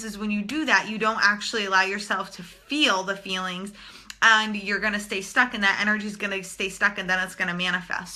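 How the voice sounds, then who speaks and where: A woman's voice: medium pitch, pushed and bright. A young woman talking casually and bluntly to viewers in a live stream, swearing freely as a spiritual channeler.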